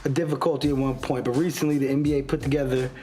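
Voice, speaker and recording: A man's voice: mid-range voice, flat delivery, racing, soft background music. Playful, profane male talk-show host. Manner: playful, profane, builds to shouting. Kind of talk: casual interview.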